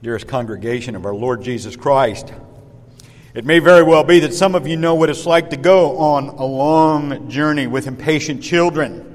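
A man's voice: mid-range voice, normal speed, long reverb tail. A man, a pastor, preaching a sermon, telling a story and talking straight to his congregation. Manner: storytelling, lively, addresses listeners directly.

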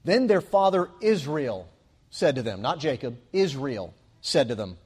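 A man's voice: mid-range voice, big pitch swings, unhurried, darkish tone, slightly rough. A man preaching a sermon in an earnest, emphatic way, repeating phrases for stress.

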